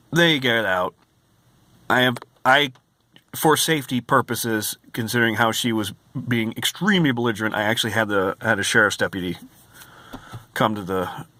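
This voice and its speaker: Man, exasperated vlog rant, emphatic, repetitive, bright voice, dry sound. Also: fairly low pitch, dry recording. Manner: exasperated and emphatic, repeats himself. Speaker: vlogger and hotel night clerk. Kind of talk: ranting vlog.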